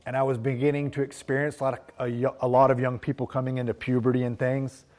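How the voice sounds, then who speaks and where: A man's voice: medium pitch, little pitch movement, fast, darkish tone. A man preaching a sermon, telling personal stories in an earnest, reflective way. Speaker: pastor.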